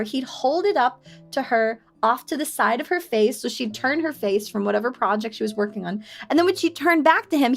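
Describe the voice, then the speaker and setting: A woman streamer reading a story game aloud and chatting, telling stories in an animated, expressive way. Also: fairly high pitch.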